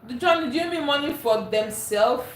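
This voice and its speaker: A woman's voice: sits high, animated, moderate pace, a little hiss or hum. Tired chatty Nigerian-born woman streaming live. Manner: chatty, greets viewers by name, repeats herself. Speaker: livestream host. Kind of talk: casual live-stream chat. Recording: echoey room, faint ambience.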